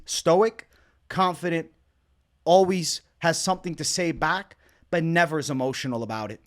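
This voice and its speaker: Excitable, profane young man reacting to MMA. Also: a little high. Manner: excitable, profane, bursts into shouting. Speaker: MMA reaction video host. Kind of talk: casual reaction commentary.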